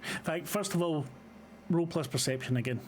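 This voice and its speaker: A man's voice: fairly high pitch, moderate pace, slight background noise. A man running a tabletop horror game as game master, describing scenes with frequent ums and uhs. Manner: hesitant, many fillers.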